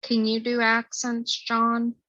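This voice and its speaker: A woman's voice: fairly high pitch, completely flat delivery, slow pace, sharp tone, dry recording. A woman co-hosting a casual chat, playful and joking about herself. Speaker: podcast co-host. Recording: dry, dull lo-fi recording.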